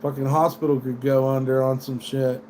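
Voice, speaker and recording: A man's voice: mid-range voice, flat delivery, normal speed, warm tone, a little hiss or hum. A man from the United States ranting casually on a livestream, swearing often and drifting between sardonic tangents. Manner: profane, rambling, sardonic. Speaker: livestream host. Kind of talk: rambling livestream rant.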